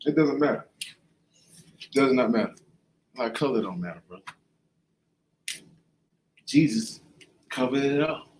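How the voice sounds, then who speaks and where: A man's voice: medium pitch, expressive, a little slow, pauses often, a little hiss or hum. Conversational man in an echoey room. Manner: conversational, often asks "right?" and "you know what I'm saying?". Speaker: class leader. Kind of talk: casual bible class.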